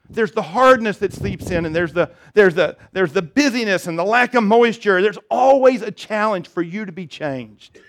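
High-voiced pastor preaching with humor. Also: male voice. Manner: storytelling, self-deprecating humor, rising emphatic appeals. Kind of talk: sermon.

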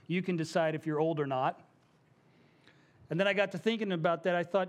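A man's voice: fairly high pitch, steady tone, brisk. A male pastor preaching a sermon to his congregation in a church, conversational, with asides and small jokes. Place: church sanctuary.

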